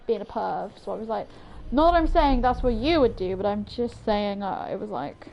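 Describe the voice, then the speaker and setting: A woman's voice: medium pitch, lively intonation, moderate pace, vocal fry, muffled recording, slight background noise. A woman streaming a game, chatting casually with viewers in rambling asides. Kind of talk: casual gameplay commentary.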